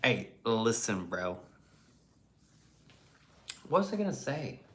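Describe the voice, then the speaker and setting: A man's voice: mid-range voice, big pitch swings, slow. A man hosting a casual livestream and reading the chat aloud, in a blunt, profane and rambling way.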